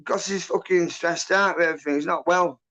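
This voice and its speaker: A man's voice: a little high, fairly even intonation, brisk, fairly bright tone. A man telling a rambling, sweary, agitated story in casual chat. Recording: muffled lo-fi audio.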